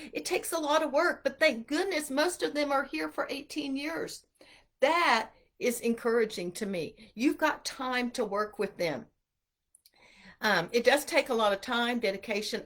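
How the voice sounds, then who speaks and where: A middle-aged woman giving an earnest, animated inspirational talk to mothers about homeschooling. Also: a little high. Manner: animated, earnest, acts out quotes. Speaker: homeschool speaker.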